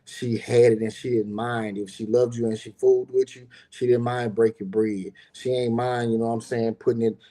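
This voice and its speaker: A man's voice: mid-range voice, level tone, moderate pace, hardly any pauses, dark tone. A middle-aged man casually telling a personal story as a podcast host, loose and conversational, with lots of "you know what I'm saying".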